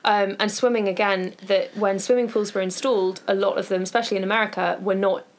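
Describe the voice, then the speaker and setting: Woman with a creaky voice. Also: mid-range voice, steady tone, fast. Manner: conversational, thinking aloud with fillers. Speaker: podcast co-host. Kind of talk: casual chat recommending books and podcasts.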